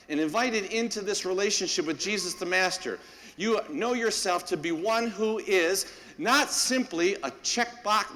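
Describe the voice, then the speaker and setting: Man, parish priest, casual rambling homily, bright voice, long church reverb. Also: high-pitched. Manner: folksy and anecdotal, chuckling, many fillers. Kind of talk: conversational homily.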